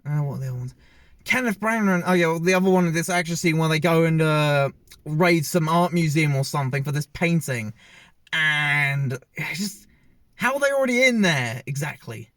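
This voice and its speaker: A man's voice: fairly high pitch, expressive, moderate pace, fairly bright tone, no echo. Rambling man reviewing a film, dry sound. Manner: rambling, hesitant, many fillers and restarts. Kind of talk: casual spoken movie review.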